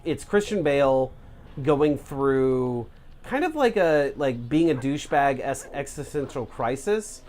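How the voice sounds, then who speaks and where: A man's voice: medium pitch, lively intonation, a little slow, darkish tone, a little hiss or hum. A young man co-hosting a let's play, rambling casually and swearing, packing his sentences with "like". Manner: rambling, profane, heavy use of "like". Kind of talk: casual gameplay chat.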